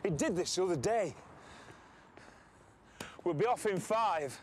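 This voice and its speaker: A man's voice: high voice, expressive, unhurried, background noise. An actor playing a middle-aged father with a teasing, joking manner. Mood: easygoing. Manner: teasing, jokey banter. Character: joking working-class dad, middle-aged.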